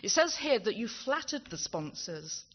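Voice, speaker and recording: A very animated woman with a slightly high voice, speaking at normal speed, gives a live thank-you speech on stage at a conference closing ceremony. She's chatty, self-deprecating, and stumbles over her words into a handheld mic. The recording is very noisy, with dull hall sound and a crowd behind.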